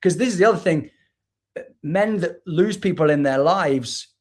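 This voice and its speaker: A man's voice: on the high side, lively intonation, moderate pace. A British man from the United Kingdom, a spoken word artist talking as a guest on a livestream over a video call, earnest and reflective, often restarting his words. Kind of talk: candid conversation on a livestream.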